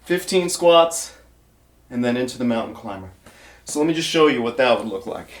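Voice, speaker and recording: A man's voice: mid-range voice, lively intonation, normal speed. A male fitness trainer demonstrating exercises, encouraging beginners and counting reps aloud while getting out of breath.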